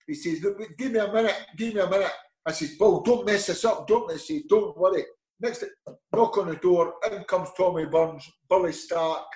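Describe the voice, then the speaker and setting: Lively Scottish man telling stories. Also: high voice, roomy sound, low-quality recording. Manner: lively, animated storyteller acting out dialogue. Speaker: interview guest, former footballer. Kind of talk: anecdotal storytelling.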